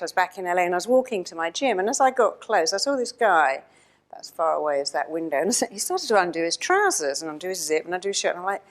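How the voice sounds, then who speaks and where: A woman giving a motivational talk, telling stories and acting out the people in them. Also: fairly low pitch. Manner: storytelling, acts out quoted voices. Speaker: speaker.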